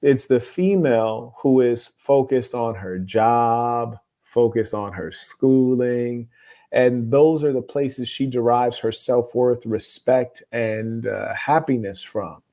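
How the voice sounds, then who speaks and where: A man hosting an advice show, reading viewer letters aloud and giving blunt, moralizing opinions in a calm, lecturing way. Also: mid-range voice, slow pace. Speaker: host.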